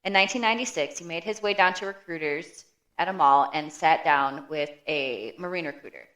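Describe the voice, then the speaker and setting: A woman co-hosting a podcast, narrating a prepared story in a steady manner with dry quips. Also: low-pitched, a little fast. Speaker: podcast co-host. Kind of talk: reading scripted narration.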